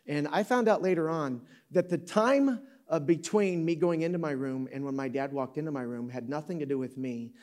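A man's voice: on the high side, normal speed, hardly any pauses, darkish tone. Joking fifty-something man preaching. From Michigan, USA. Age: 50s. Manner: joking, self-correcting, addresses the audience. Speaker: pastor. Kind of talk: conversational sermon storytelling. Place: auditorium with a live audience.

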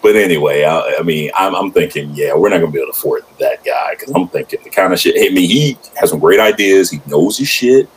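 A middle-aged man co-hosting a casual podcast, ranting in a profane, storytelling way and jumping up in pitch when he quotes people. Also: expressive, quick pace, hardly any pauses, poor audio. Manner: profane, ranting storyteller who jumps high in pitch when quoting others. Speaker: podcast co-host. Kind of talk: casual chat. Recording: faint background noise.

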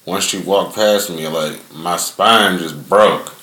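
In an echoey setting, a young male podcast host speaks slowly in a low voice with a bright, forceful tone. He rambles through a casual, profane story from his front yard, laid-back and heavy on fillers.

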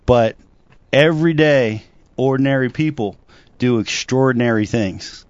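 A man co-hosting a talk show, telling long rambling stories in a casual, animated way. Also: mid-range voice, a little slow, no echo, highs cut off. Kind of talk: casual chat.

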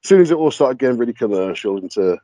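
A man's voice: medium pitch, racing, low-quality recording. A man, a paranormal investigator chatting as a podcast guest, telling stories with frequent laughter and casual swearing. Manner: animated storyteller, laughs often, swears casually.

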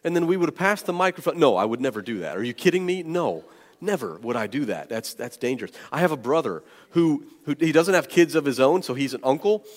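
A male pastor preaching a sermon to his congregation, animated and joking, with plenty of fillers and restarts. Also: mid-range voice, quick pace. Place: church sanctuary. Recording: long church hall reverb.

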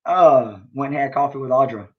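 A man's voice: medium pitch, brisk. A man chatting as a guest on a podcast, easygoing and joking. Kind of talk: casual podcast chat. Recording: dull lo-fi sound.

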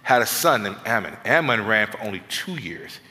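A man preaching as a guest pastor, telling comic stories in an animated, self-mocking, conversational way. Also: fairly low pitch, moderate pace, long reverb tail. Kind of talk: sermon with comic storytelling. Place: church sanctuary.

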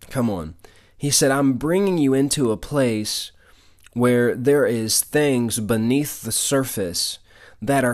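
A man's voice: mid-range voice, darkish tone. A man preaching a sermon, reading scripture aloud and explaining it with emphatic asides and frequent repeated words.

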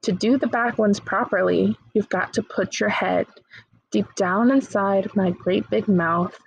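A woman's voice: mid-range voice, a little slow, vocal fry, breathy edge, no room sound, rough recording. A woman reading the lines of a sly, grinning male crocodile in a children's poem.

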